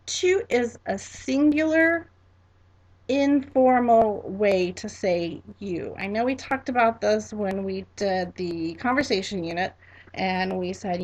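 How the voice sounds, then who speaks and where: Woman, teacher, slow and unhurried, patient, spells words out letter by letter, repeats for the class. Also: mid-range voice. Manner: repeats each word for students to echo. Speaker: French teacher. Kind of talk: classroom lesson.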